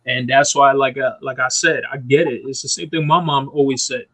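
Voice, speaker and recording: A man's voice: medium pitch, level tone, brisk, a bit bright, breathy edge, no echo, low-quality recording. A man talking on a casual podcast, ranting emphatically with lots of profanity. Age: adult parent. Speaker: podcast co-host. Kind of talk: heated casual chat.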